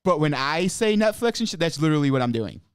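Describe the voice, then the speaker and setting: A man's voice: fairly high pitch, sing-song, quick pace, smooth, no room sound, clean studio sound. A man co-hosting a casual podcast, easygoing, mostly chiming in with short agreeing replies and chuckles. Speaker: podcast co-host.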